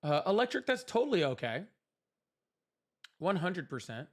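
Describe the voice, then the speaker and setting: A man's voice: sits high, very animated, normal speed. A young man hosting a casual livestream, chatting with viewers, thanking them and laughing often. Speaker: livestream host.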